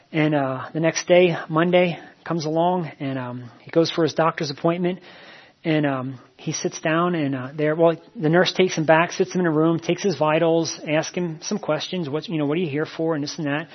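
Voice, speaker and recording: Man preacher, husky tone, dull lo-fi recording, chatty storytelling delivery. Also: a little high, normal speed. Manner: plain conversational storytelling with many fillers and repeats. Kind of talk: sermon.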